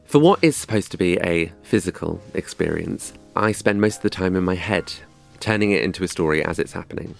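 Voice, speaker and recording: Low, gravelly young man, wry storyteller. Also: fairly quick, faint music behind. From England. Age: young adult. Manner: wry, dry, self-mocking. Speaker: comedian telling a story. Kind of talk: scripted comedic storytelling.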